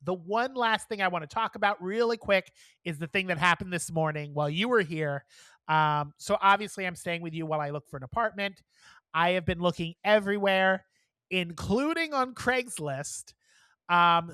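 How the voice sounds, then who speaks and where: A woman co-hosting a podcast, telling a story in a casual, animated way, swearing freely and acting out the people she quotes. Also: fairly low pitch, no room sound. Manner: animated, profane, acts out quoted dialogue. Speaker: podcast co-host.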